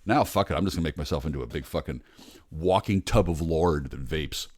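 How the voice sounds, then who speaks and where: A man in his forties, rambling in a bitter, sardonic, heavily profane monologue, muttering low and then bursting out loud. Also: a little fast. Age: 40s. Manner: bitter, sardonic, swears a lot. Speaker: vlogger.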